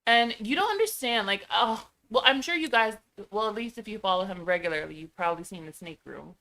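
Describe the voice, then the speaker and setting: A woman co-hosting a live stream with her husband, talking in an animated, emphatic way and teasing him with exasperation. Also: medium pitch, fairly quick. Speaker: host's wife, co-host. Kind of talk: casual live-stream chat.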